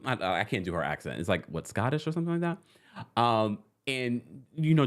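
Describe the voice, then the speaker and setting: A man's voice: medium pitch, big pitch swings, a little fast. A man hosting a casual reality TV recap. He laughs often and acts out quotes from the show in put-on voices. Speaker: host.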